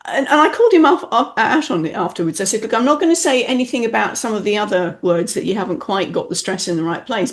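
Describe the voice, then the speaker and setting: A woman's voice: medium pitch, quick pace, hardly any pauses. A woman from the UK hosting a podcast interview, telling stories in a playful, chatty way. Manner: animated storyteller, playful. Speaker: podcast host, message clarity specialist. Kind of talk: casual interview chat.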